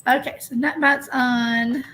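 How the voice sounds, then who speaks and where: A woman hosting a true crime livestream, chatty and a bit hurried, sounding emotionally drained as she greets viewers by name. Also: high voice, steady tone, a bit bright. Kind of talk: casual livestream chat.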